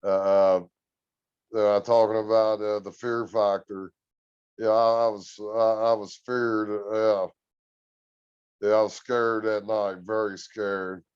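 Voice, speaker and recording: A man guest on a podcast, telling a story in an earnest, relaxed, drawn-out way. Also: on the low side, clear, resonant tone, dry recording, muffled recording. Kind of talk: casual storytelling.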